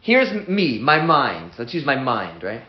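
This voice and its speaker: A man teaching a lively class as a rabbi at a whiteboard, excitable and often stopping to restart his sentences. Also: medium pitch, a little slow, echoey room, lo-fi sound. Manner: excitable, self-interrupting, stumbles over restarts.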